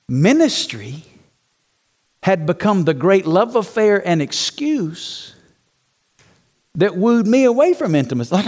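A male preacher with a high voice that swings widely in pitch. He teaches church planters in a lively, conversational way, sinking to hushed low lines and then rising into loud, high-pitched shouts. He speaks right to the listeners and keeps asking them questions. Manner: conversational, rhetorical asides to the audience.

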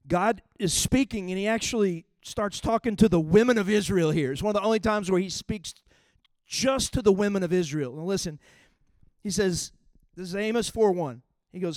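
A middle-aged man with a drawl delivers a sermon, chatty and folksy. His voice sits high, and when he reads scripture he leans in with emphatic force. The recording is dry, with no room echo. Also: moderate pace, a little mellow. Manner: conversational, folksy preaching with emphatic scripture reading. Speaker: pastor.

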